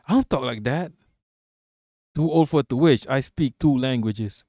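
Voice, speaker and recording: A man's voice: medium pitch, lively intonation, moderate pace, a little mellow, dry recording, studio quality. A man streaming live, reading chat aloud and answering it in a casual, profane, joking way.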